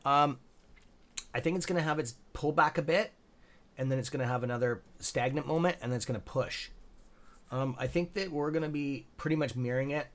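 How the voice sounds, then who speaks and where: Reading chat during live-streamed market commentary, this stock trading host is a man with a mid-range voice and brisk delivery. Excitable and swearing freely, he addresses viewers by nickname and mutters asides under his breath.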